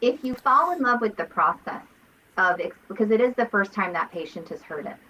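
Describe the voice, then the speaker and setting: A woman co-hosting a casual book discussion, talking in an animated, emphatic way. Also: medium pitch, brisk, muffled recording, a little hiss or hum. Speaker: podcast co-host.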